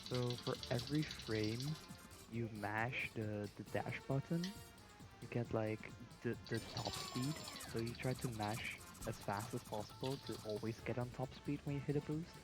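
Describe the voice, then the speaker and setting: A man co-commentates a speedrun, explaining the tricks in a plain, teasing way. Game music plays clearly and steadily behind his voice. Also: medium pitch, steady tone, moderate pace.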